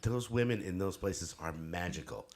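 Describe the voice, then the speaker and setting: A man's voice: low-pitched, normal speed, a little mellow. A middle-aged man co-hosting a casual podcast. He tells stories with energy, laughs often and swears casually. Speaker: podcast co-host. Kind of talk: casual chat.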